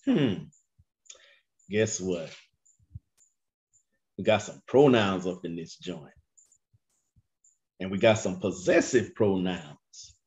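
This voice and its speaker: A man teaching a Bible class, questioning his students and drawling key phrases slowly for emphasis. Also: low-pitched. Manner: animated, questions the class and waits for answers. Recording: dull lo-fi recording.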